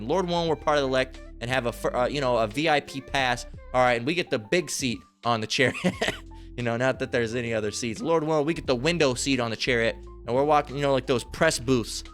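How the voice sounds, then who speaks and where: A man's voice: medium pitch, a bit bright. A man preaching a fiery, profane sermon, reading scripture aloud and often breaking off with "all right?" asides. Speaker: street-style preacher.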